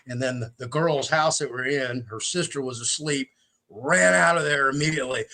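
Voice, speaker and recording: A man hosting a podcast, telling a story in a casual, animated way, swearing freely and acting out what others said. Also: medium pitch, a little fast. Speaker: podcast host.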